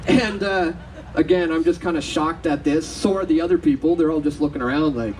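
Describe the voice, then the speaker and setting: A man's voice: high-pitched, normal speed, a little mellow, far from the mic, slight background noise, poor audio. A man giving a conference talk, telling anecdotes, acting out the voices of other people and laughing often. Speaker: conference speaker. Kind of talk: storytelling speech to an audience. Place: conference stage.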